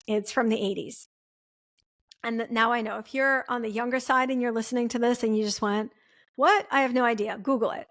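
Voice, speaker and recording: Earnest, reflective woman in her 40s, slightly high pitch, solo podcast storytelling. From former Soviet Union. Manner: earnest and reflective, with frequent "right?" and "like". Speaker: podcast host. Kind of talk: personal storytelling monologue.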